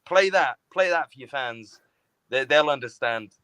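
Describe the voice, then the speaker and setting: A man's voice: mid-range voice, lively intonation, a little slow, pushed and bright, clear, resonant tone, no echo. A man on a video call chatting casually on a live stream, laughing often, swearing freely and slipping into impressions. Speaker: guest, fellow channel host.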